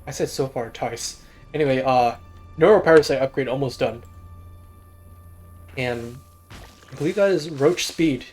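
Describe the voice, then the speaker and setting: A man's voice: mid-range voice, unhurried, long pauses, a little mellow, faint music behind. A young man giving casual, self-deprecating solo commentary on a strategy game replay. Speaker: game caster.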